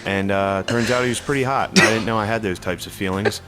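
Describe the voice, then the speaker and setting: Dude playing a low-voiced philly guy rambling deadpan in a joke ad, music under it. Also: fast talker, lightly acted. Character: Philly guy telling a bent-dick ad testimonial. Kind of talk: comedy ad sketch played from a podcast. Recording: played back with music behind.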